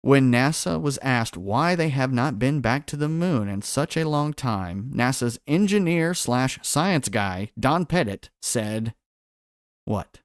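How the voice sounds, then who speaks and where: A man's voice: medium pitch, expressive, slow pace, no room sound, studio quality. Man quizzing his livestream chat. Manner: quizzes viewers and reads out chat answers. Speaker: livestream host. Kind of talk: quiz-style livestream chat.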